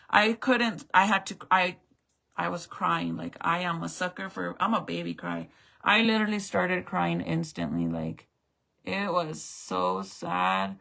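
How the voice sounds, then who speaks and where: A woman's voice: lowish voice, lively intonation, a little slow, vocal fry, sharp tone. A woman vlogger recounting a story in casual, emotional chat, swearing freely and saying "like" and "bro" a lot. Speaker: makeup vlogger.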